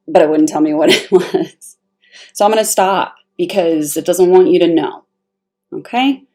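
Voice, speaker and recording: A woman giving a casual, expressive tarot reading, talking straight to the viewer with emphatic asides. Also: lowish voice, moderate pace. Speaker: tarot reader.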